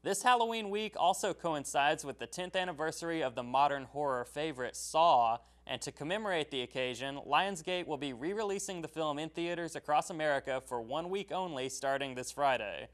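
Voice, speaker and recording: A man reads the weekly movie news from a script, upbeat and brisk like a studio presenter. His voice sits a little high for a man. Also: a bit bright. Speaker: entertainment reporter.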